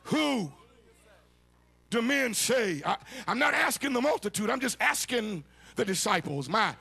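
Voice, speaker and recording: A man preaching a sermon, shouting and chanting his lines in a sung, call-and-response cadence. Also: very high-pitched, very animated, unhurried, gravelly, slightly rough. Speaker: bishop preaching. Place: church sanctuary.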